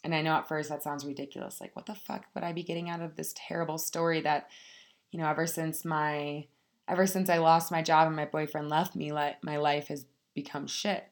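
A woman's voice: deep voice, level tone, brisk. A woman giving a casual motivational talk, speaking frankly and swearing freely as she addresses her listeners directly. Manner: frank, profane, addresses listeners as "you guys".

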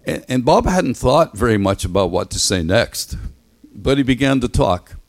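A man giving a sermon in a relaxed, anecdotal storytelling manner that closes in prayer. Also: mid-range voice, moderate pace. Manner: conversational, anecdotal, acts out voices in stories. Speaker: preacher.

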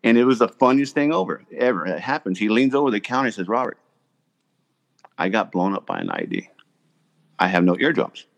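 A man's voice: lowish voice, fairly quick, vocal fry, long pauses. A man who served in the army and works as a golf pro, telling a story in a casual chat and acting out what people said. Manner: animated storyteller, acts out quotes loudly.

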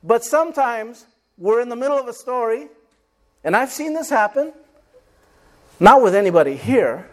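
A man's voice: very high voice, animated, moderate pace, pauses often. A man preaching a sermon, calling for amens and acting out little stories as he goes. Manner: preaching with call-and-response amens and acted-out stories. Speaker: pastor.

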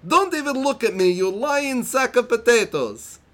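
A man reading lines aloud in a deliberately over-the-top put-on foreign accent, slow and pompous. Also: expressive, a bit bright. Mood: hammy. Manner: overdone mock accent, slow and high.

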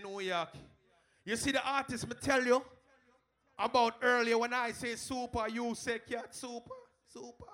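A very high-pitched man hyping a crowd at a live sound clash. He shouts his lines between tunes with a bright, forceful edge, full of call-outs. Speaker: sound system selector. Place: live dance event.

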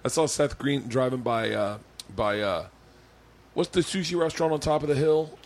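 A man's voice: medium pitch, moderate pace. A man hosting a podcast, talking loosely and profanely in casual chat. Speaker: podcast host.

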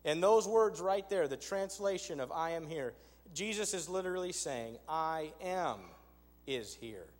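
A man's voice: a little high, lively intonation, measured pace. A man preaching a sermon, conversational and emphatic, with rhetorical asides to his congregation. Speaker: pastor. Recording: long hall reverb.

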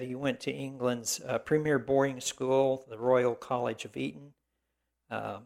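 A man delivers a biographical sermon in a gravelly, creaky voice at an ordinary pitch. He pauses often on fillers and restarts, and drops in dry asides along the way. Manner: halting, many fillers and restarts.

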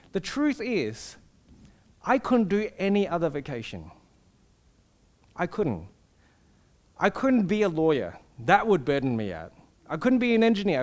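A male pastor preaching an earnest, personal sermon, asking the congregation rhetorical questions. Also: high-pitched.

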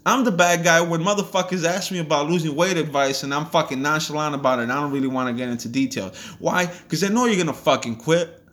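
A man's voice: a little high, quick pace, a bit bright. A man hosting a podcast, delivering a blunt, profane and heated motivational rant. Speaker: podcast host. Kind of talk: ranting motivational monologue.

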